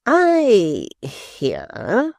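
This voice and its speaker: A reader voicing a sly, smooth-talking male secretary who speaks coldly and slowly, sometimes close to a whisper. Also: medium pitch, lively intonation, a little mellow, no echo. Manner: silky, slow and cold, sometimes near a whisper. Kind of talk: audiobook character voice.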